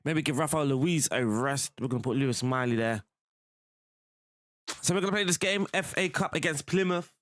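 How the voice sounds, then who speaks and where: A man's voice: on the high side, moderate pace, fairly bright tone, dry recording. A young man, chatting casually while playing a football management game, laughing often and calling the viewer "bro". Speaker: gaming streamer.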